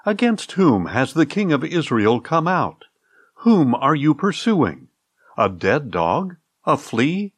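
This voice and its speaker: A man voices an earnest young warrior in a scripture reading, pleading his innocence to a king. The lines come slowly, with lively rises in pitch and a dry, close sound. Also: breathy edge, no room sound, full character voice.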